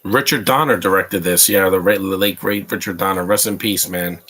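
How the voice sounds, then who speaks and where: Opinionated man with a low, forceful voice. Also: a little fast. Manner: rambling, opinionated, answers chat. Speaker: live watch-along commentator. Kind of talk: casual live movie commentary.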